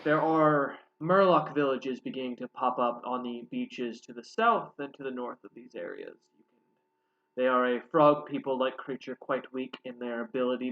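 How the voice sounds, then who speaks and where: A man's voice: mid-range voice, a bit bright, natural voice. Man voicing a muscular half-illithid guard, formal, commanding, slightly muffled audio, faint hiss.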